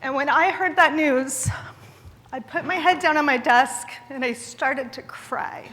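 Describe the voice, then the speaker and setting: Woman in her forties, bright and high-pitched, candid and wry, speaking in a reverberant hall. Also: a little slow. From Idaho, USA. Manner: earnest and candid, with wry self-deprecating humor. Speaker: guest speaker at a charity gala. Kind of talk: public speech. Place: large event hall.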